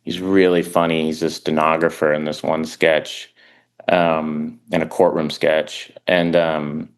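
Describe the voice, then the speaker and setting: A middle-aged man talks casually as a podcast guest in a very low voice. He rambles, trips over his words and restarts, and drops into quick little impressions as he goes. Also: little pitch movement, clean tone. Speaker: guest, actor and comedian.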